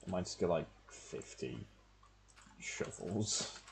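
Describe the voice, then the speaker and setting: Deep gravelly man streaming a game. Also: lively intonation, slow pace, slight background noise. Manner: muttering thoughts to himself while playing. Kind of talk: casual gameplay commentary.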